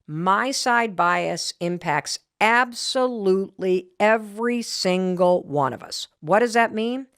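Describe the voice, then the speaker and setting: A middle-aged woman telling a personal story to an audience, emphatic and animated, acting out the quotes. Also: mid-range voice, takes it slowly, gravelly, few pauses, smooth, dry recording, clean studio sound. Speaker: motivational speaker.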